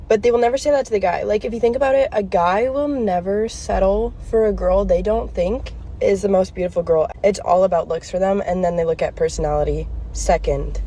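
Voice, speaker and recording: Chatty woman over loud traffic noise. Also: medium pitch. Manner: chatty, many "like" fillers. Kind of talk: casual monologue to camera.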